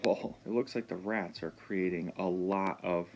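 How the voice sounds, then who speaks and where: A man teaching a reading lesson, explaining words slowly and patiently with frequent pauses and ums. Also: sits low, steady tone, background noise.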